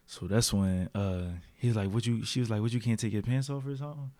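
Low-voiced man telling a rambling story. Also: steady tone, brisk, warm tone. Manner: rambling storyteller, heavy on fillers and slang. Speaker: podcast co-host. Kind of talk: casual chat.

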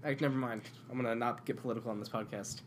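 A young man co-hosting a podcast, talking in a dry, self-deprecating way with quiet asides. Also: mid-range voice, steady tone, racing, a little hiss or hum. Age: young adult. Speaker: podcast co-host. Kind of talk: casual chat.

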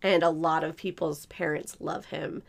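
Woman co-host, lowish voice, blunt casual talker, swears a lot, restarts sentences. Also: fairly even intonation, moderate pace, vocal fry. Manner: frank, swears often, restarts mid-thought. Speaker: podcast co-host. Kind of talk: casual chat.

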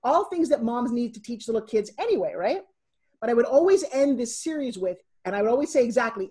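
Husky, animated middle-aged woman. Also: fairly high pitch, fairly quick. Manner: animated storyteller, acting out quotes. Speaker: podcast guest, entrepreneur. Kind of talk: casual interview.

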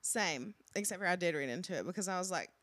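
A young woman co-hosting a podcast, telling stories in casual chat with lots of "like" and excited bursts. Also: lowish voice, fast talker, a crowd in the background. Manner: animated storyteller, lots of "like". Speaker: podcast co-host.

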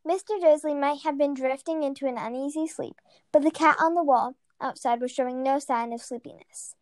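A woman's voice: sits high, fairly even intonation, a little fast, no echo. A woman reading a storybook aloud, stumbling and correcting herself now and then. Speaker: reader.

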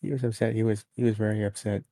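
A lower-pitched man with a dark, mellow tone talks through a wrestling episode in a loose, chatty podcast style. He recaps events at length and slips into quoted lines as he goes. The sound is dry and close. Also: fairly even intonation, fast talker, no echo. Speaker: podcast co-host. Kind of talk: casual wrestling review chat.

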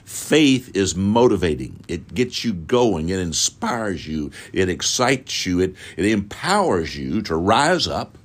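A fervent televangelist pastor with a low, sing-song voice delivers a televised sermon along with an appeal for donations. His manner is fervent and repetitive, and he draws out emphatic phrases.

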